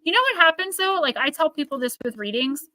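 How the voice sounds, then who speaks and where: A woman's voice: sits high, animated, a little fast, bright, forceful tone, dry recording. A woman with a Northern New Jersey accent, chatting and rambling to her viewers as she hosts a live oracle card reading.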